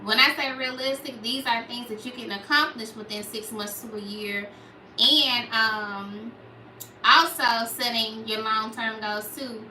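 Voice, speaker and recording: Young Memphis woman, Southern accent, small, very bright and ringing voice, casual livestream chatter heard a little off-mic in an echoey room. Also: fairly high pitch, steady tone, a little slow, far from the mic, slight background noise. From Memphis, Tennessee. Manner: chatty, reads out viewer comments. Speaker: livestream host. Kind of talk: casual livestream chat with viewers.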